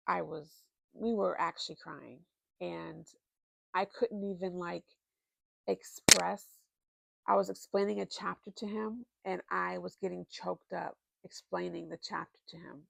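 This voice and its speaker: A woman talks slowly and expressively through her favorite books, her voice deeply gravelly with fry. She sits fairly low in pitch and the sound is dry and close, with no room around it. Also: dry recording. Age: adult, married. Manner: chatty, expressive, lots of fillers. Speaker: book vlogger. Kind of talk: casual book recommendations.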